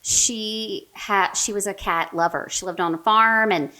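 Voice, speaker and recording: Female therapist, 40s, podcast guest; animated storyteller, mid-range pitch. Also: unhurried. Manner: animated, many fillers like "right?" and "like". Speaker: mental health therapist, guest. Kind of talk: casual storytelling in a podcast interview.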